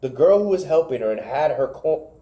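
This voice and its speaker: Mellow-voiced man recapping wrestling. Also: fairly high pitch, animated, brisk. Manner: rambling, stumbles over names. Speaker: podcast co-host. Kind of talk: casual wrestling show recap.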